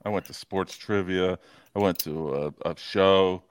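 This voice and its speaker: A man's voice: sits low, a little slow, clear, resonant tone, dry recording. A man co-hosting a casual podcast, rambling and easygoing as he tells stories. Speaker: podcast co-host. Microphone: close podcast mic.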